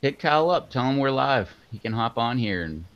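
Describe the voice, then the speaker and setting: A man's voice: mid-range voice, animated, fairly quick, a crowd in the background. A man hosting a casual livestream, chatting in a rambling way with lots of fillers. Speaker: livestream host. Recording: dull lo-fi sound.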